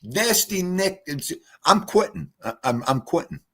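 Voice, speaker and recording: A man hosts a casual livestream in a slightly high voice that swings widely in pitch. He banters and jokes with his viewers, and he breaks into loud, mock-exasperated rants full of swearing. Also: sing-song, unhurried, slightly rough. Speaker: livestream host.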